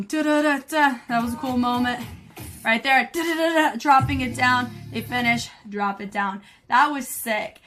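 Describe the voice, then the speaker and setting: A woman's voice: a little high, a bit bright. A woman choreographer from the United States, giving chatty, enthusiastic dance reaction commentary and scatting along to the beats. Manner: scats and counts beats along with the music. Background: faint music.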